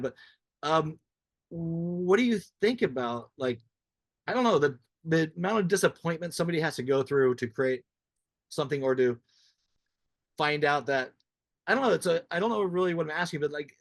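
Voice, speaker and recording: A man's voice: a little high, no room sound. A man hosting a podcast, chatting casually in a rambling, frank way that often restarts his thoughts. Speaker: podcast host. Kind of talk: casual interview chat.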